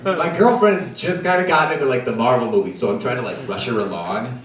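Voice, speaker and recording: A man doing a stand-up routine on a comedy club stage, telling rambling stories with chuckles and quick impressions. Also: medium pitch, noisy background. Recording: roomy club sound from a distance, loud crowd. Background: audience laughter.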